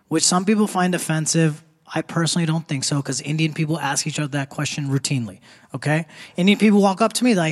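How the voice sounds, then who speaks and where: A man's voice: a little high, fast, big-room sound. A young man doing a stand-up set, punchy and conversational, laughing through his jokes. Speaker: stand-up comedian. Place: theater stage before a live audience. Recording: live theater crowd noise.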